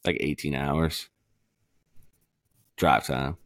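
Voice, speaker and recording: A man from Massachusetts hosting a podcast, chatting casually and telling profane, animated stories. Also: rumbling low, extremely slow, no echo, clean studio sound. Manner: profane, animated storytelling with frequent laughs. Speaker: podcast host.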